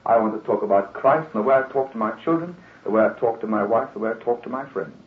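A man's voice: lowish voice, quick pace. Male preacher from England, conversational radio sermon, plays out the people he quotes; tinny broadcast sound with room echo. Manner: earnest, conversational, acts out quoted voices.

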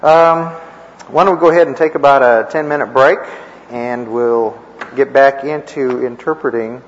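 A man's voice: mid-range voice, moderate pace. A man teaching a church class in a rambling, folksy way, with chuckling asides and homespun stories. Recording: echoey, dull lo-fi room recording.

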